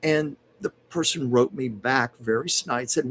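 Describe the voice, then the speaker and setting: A man's voice: mid-range voice, unhurried, hardly any pauses, breathy edge. A man hosting a casual livestream at home, chatting and reading viewer comments aloud as a psychic medium.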